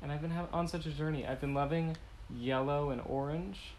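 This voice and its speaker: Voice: medium pitch, steady tone, brisk, darkish tone, slight background noise, low-quality recording. A young American podcast co-host chatting playfully and rambling about everyday topics. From United States. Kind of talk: casual chat.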